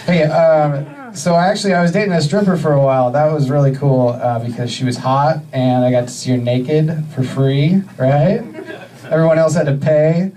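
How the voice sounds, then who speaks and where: A man in his thirties from the US Northwest doing a stand-up comedy set, with a deadpan, halting delivery full of fillers. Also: a little high, distant mic, rough recording. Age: 30s. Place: comedy club stage.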